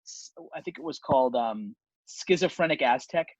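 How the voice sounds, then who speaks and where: A man's voice: mid-range voice, wildly swooping pitch, normal speed, creaky, no room sound. A man hosting a band podcast, chatting casually and rambling with many ums about the band's songs. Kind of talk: casual chat. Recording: dull dry lo-fi sound.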